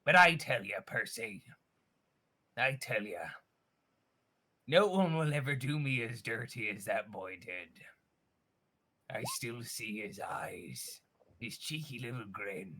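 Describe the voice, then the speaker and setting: A man voicing a bitter, bellowing male pirate captain who shouts orders and then sinks into low self-pity. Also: full character voice.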